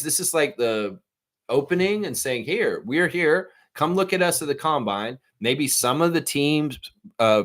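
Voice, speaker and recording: A man with a Southern accent hosting a casual live stream, rambling animatedly while reading and answering viewer comments. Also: medium pitch. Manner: animated, rambling, quotes imagined voices. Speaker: livestream host.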